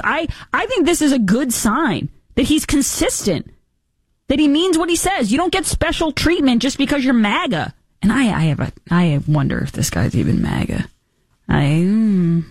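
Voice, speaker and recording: Animated, sarcastic woman commentator. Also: a little high, husky, no room sound. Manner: animated, sarcastic, mimics other people's voices. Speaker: political commentary host. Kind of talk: opinionated political commentary.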